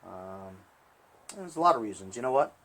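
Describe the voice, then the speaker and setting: A man's voice: fairly low pitch, sing-song, moderate pace, fairly bright tone. Chatty man demoing a mower repair. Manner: chatty, talks to viewers while working. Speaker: small-engine repair vlogger. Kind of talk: casual hands-on repair demonstration.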